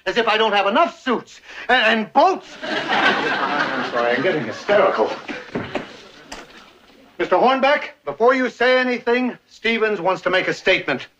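An actor playing an excitable, exasperated agency boss, blustering in 1960s sitcom style. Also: male voice, high voice, normal speed, muffled recording, background noise.

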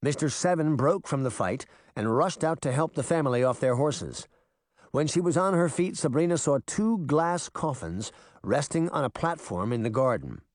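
A man narrating a storybook chapter in a lively, expressive reading. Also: fairly high pitch, moderate pace, no echo, studio quality. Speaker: audiobook narrator. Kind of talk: scripted narration.

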